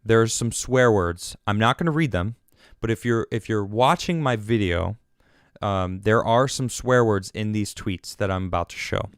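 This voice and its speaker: A man hosting his own political podcast, ranting in an exasperated, animated way and often restarting his sentences. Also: on the low side, moderate pace, smooth, no room sound, studio quality. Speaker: podcast host.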